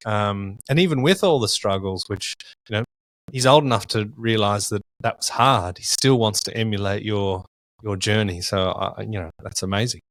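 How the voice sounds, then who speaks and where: A male podcast host with a fairly low voice, recorded close and dry with no room sound. He talks in a loose, conversational way, circling through his questions. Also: normal speed, fairly bright tone, no echo. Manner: conversational, rambling questions with restarts. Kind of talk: casual interview chat.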